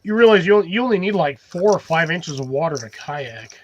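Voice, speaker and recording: A man in loose podcast banter, blunt and offhand. His voice is slightly high, and it comes through muffled and lo-fi, as if over a remote link. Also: expressive, a little fast. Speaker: co-host. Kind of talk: casual podcast chat.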